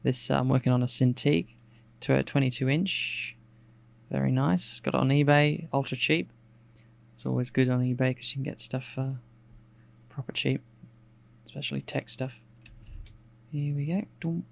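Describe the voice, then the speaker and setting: A man from Australia with a gravelly, low-creaking voice, talking through a drawing as he works. His delivery stays flat and even, loose and rambling, and his accent is Australian with a bit of picked-up English polish. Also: normal speed. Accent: Australian, with some English RP picked up. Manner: relaxed and rambling, thinking aloud with many fillers. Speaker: artist streaming a sketch. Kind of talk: casual narration while drawing.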